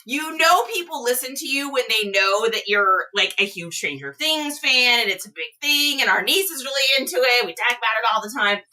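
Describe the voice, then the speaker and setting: A woman hosting a casual reselling livestream, gushing excitedly with gasps and laughs. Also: on the high side, fairly quick, few pauses. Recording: distant from the mic.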